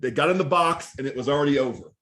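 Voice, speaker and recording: A man's voice: fairly high pitch, racing, a bit bright, slight background noise. A man co-hosting a podcast, chatting casually and chiming in with short agreements. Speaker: podcast co-host. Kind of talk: casual chat.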